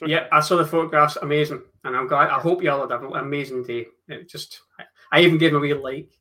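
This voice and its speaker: Bright, rambling Scottish man. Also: on the high side, fairly even intonation, fast talker. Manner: rambling, stammering, swears, jokey. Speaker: podcast co-host. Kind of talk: casual live podcast chat.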